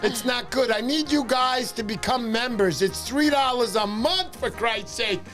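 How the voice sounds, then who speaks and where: A man hosting a fishing livestream, talking fast and excitedly, shouting cheers and pitching memberships. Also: faint music behind. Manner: loud, hyped, shouting cheers. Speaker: livestream host. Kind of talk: excited casual livestream chat.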